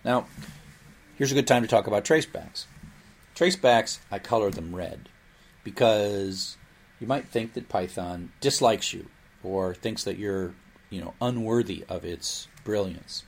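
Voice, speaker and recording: A male instructor with a low voice and a gravelly, creaky edge talks through programming concepts in a recorded lecture. His delivery is explanatory and lively, with playful asides along the way. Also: a little slow.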